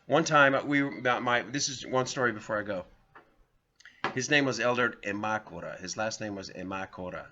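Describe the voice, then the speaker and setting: A man's voice: fairly low pitch, normal speed, noisy background. A man hosting his own vlog, telling rambling personal stories and talking straight to viewers as folks. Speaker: vlogger, show host. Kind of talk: casual storytelling monologue. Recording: slightly dull lo-fi audio.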